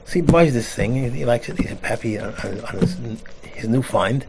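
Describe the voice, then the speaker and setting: Brief: male rabbi storyteller, rough gravelly tone, animated delivery, noisy background. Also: mid-range voice, normal speed. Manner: animated storyteller, acts out voices. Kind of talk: storytelling talk with a parable. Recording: noisy recording.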